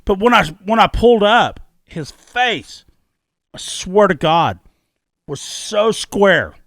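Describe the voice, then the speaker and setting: A middle-aged man co-hosts a podcast in an unhurried but very animated way, swinging his fairly high voice up and down. His tone is bright and gravelly, and he swears and repeats words for emphasis. The sound is dry and close. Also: no room sound. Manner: emphatic, profane storyteller who repeats key words. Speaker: podcast co-host. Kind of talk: casual podcast chat. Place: podcast studio.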